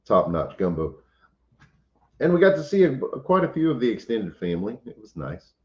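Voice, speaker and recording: A man hosting a relaxed livestream chat from home, speaking haltingly and greeting viewers from the comments. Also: medium pitch. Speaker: homestead channel host. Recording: roomy, slightly dull sound.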